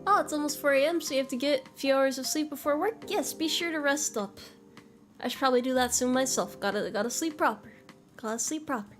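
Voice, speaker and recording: Young woman, high voice, giggly casual streamer chat, faint music under it. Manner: giggly, self-deprecating, trails off and restarts. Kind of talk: casual chat reading viewer messages.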